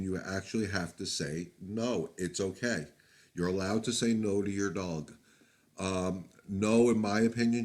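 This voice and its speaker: In a lowish voice with a darkish tone, a male dog trainer answers viewer questions on a live stream. His casual advice is frank and down-to-earth, full of fillers and sentences he restarts.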